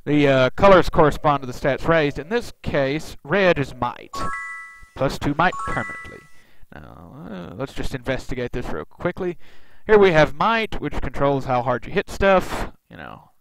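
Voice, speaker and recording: A man's voice: fairly high pitch, expressive, normal speed, vocal fry, faint music behind, rough recording. A man hosting a let's play, giving casual gameplay commentary full of rambling, wry asides.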